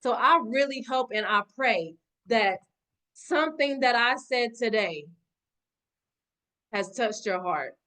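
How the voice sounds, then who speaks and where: A woman's voice: fairly high pitch, lively intonation, slow pace, long pauses, bright, forceful tone. A woman giving an impassioned motivational talk on a video call, preaching with repeated exhortations and calling her audience y'all. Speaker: motivational speaker.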